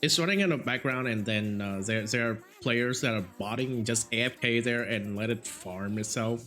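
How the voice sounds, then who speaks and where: A young streamer tells a meandering story in casual chat, stumbling through fillers and restarts in English, his second language, with a Vietnamese accent. His mid-range voice has a fairly bright tone and moderate pace, and faint music plays in the background.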